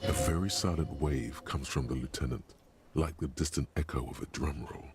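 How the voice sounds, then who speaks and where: A man voicing the grave, all-knowing narrator of a detective video game, solemn and gravelly. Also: extremely low pitch, moderate pace. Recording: game audio with music underneath.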